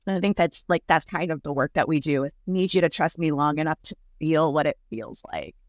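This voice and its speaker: A woman's voice: low voice, brisk, no room sound, clean studio sound. A woman improv teacher chatting reflectively as a podcast guest, full of "like" fillers. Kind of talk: casual podcast conversation.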